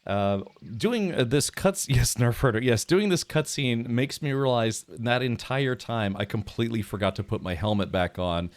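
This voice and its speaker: A man's voice: medium pitch, animated, moderate pace, hardly any pauses, no echo. A man streaming a game, chatting casually, laughing often and talking to his viewers in rambling asides. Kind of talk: casual live gameplay commentary.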